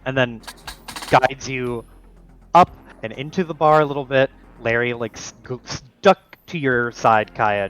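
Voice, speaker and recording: A man's voice: mid-range voice, fairly bright tone, rough recording. Man running a tabletop game. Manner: loose, filler-heavy narration. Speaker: game master. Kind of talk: narrating a tabletop role-playing game.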